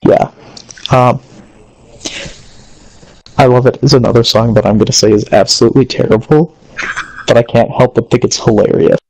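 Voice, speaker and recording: Gravelly, husky young man chatting. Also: mid-range voice, steady tone, moderate pace, pauses often, darkish tone, poor audio. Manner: opinionated, filler-heavy. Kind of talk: casual chat.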